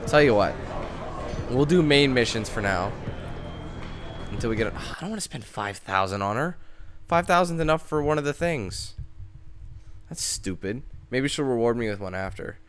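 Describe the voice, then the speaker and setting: A man's voice: medium pitch, animated, soft background music. A young man giving chatty, cursing commentary over his gameplay. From Canada. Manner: chatty, quick to curse and rant. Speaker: let's play gamer.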